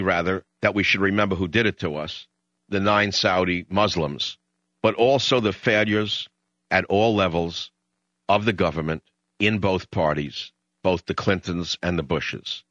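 A man with a New York accent hosting a talk radio show, emotional and combative when he gets excited. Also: low-pitched, measured pace, no echo. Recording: slightly dull lo-fi radio sound.

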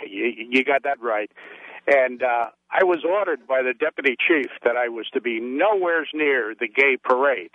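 A man's voice: medium pitch, expressive, moderate pace, no room sound. Blunt male caller on a tinny phone line. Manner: blunt, tough-talking. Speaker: caller, former police officer. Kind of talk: call-in storytelling.

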